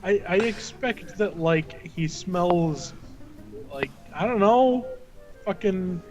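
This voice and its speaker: Man, tabletop player, blunt, swearing, high pitch, slow pace. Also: expressive, darkish tone, lo-fi sound, soft background music. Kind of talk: casual tabletop game chat.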